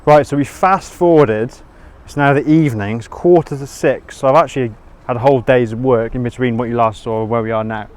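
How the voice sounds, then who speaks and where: Man, vlogger, casual piece to camera, self-deprecating, chatty, medium pitch. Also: fairly quick, darkish tone. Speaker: motorcycle vlogger.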